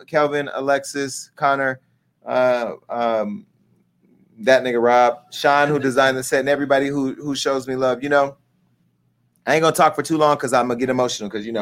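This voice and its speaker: A man's voice: on the high side, a bit bright. Brash, foul-mouthed man hosting a live show. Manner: brash, profane, rambling banter. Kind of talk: casual live-stream talk.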